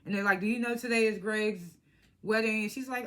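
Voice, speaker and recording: Animated, bright-voiced young woman recapping TV. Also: medium pitch, brisk. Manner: animated, laughing, slangy retelling with acted-out quotes. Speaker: reality TV reviewer. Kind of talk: casual vlog recap.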